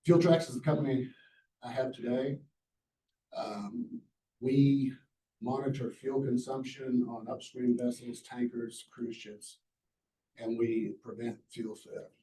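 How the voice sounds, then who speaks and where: Dark-voiced man telling stories in a hall. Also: medium pitch, level tone, takes it slowly. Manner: folksy storyteller, acts out the quoted lines. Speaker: entrepreneur giving a masterclass talk. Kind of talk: storytelling lecture to a live audience. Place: lecture hall. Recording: echoey hall, mic at a distance.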